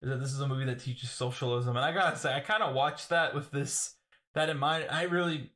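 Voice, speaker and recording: A man co-hosting a podcast, chatting about a film in an animated, jokey way and acting out lines in quick voices. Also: mid-range voice. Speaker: podcast co-host. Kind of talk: casual film discussion.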